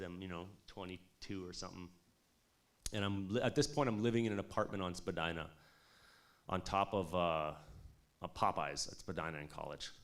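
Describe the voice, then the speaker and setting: A man in his thirties telling a casual, animated story about his studio years, peppered with swearing and "like" and "you know". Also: low-pitched. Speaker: music producer speaking at an industry showcase.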